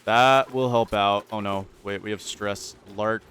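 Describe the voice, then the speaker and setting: A man with a fairly low voice commentates his own gameplay in a rambling, let's-play way. He gets frantic and repeats himself when things go wrong. A faint hiss sits under the recording. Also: steady tone, unhurried, fairly bright tone. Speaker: gaming channel host.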